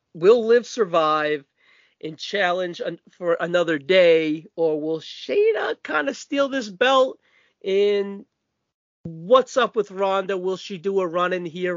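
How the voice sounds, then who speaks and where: A man with a Massachusetts accent hosting a casual wrestling podcast, brash and profane with quick asides. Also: a little high, fairly bright tone, no room sound. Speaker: podcast host. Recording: dull dry lo-fi audio.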